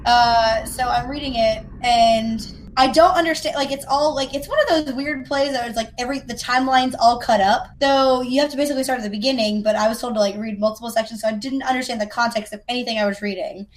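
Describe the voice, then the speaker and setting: Woman, from the South, high voice, chatty, self-deprecating, podcast host. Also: fairly even intonation, quick pace, hardly any pauses, a little hiss or hum. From American South. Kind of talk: casual chat.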